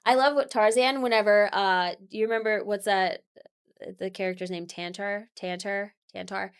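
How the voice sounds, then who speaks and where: A woman's voice: medium pitch, fairly even intonation, normal speed, clear, resonant tone. A young woman, a makeup artist, chatting as a podcast guest, bubbly and prone to giggling. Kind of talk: casual podcast chat.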